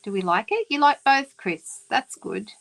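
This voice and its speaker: A woman's voice: a little high, expressive, normal speed, vocal fry, a bit bright, rough recording. A woman with an Australian accent hosts a papercraft livestream. She chats easily with her viewers and calls them by name. Her talk is loose and unscripted, full of small ums and restarts. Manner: chatty, talks to viewers by name, lots of ums. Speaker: papercraft demonstrator and host. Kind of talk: casual livestream chat.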